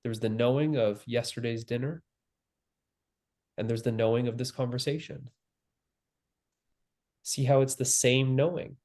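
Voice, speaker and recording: Calm slow-spoken male spiritual teacher. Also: medium pitch. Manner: calm, slow and repetitive, with long pauses.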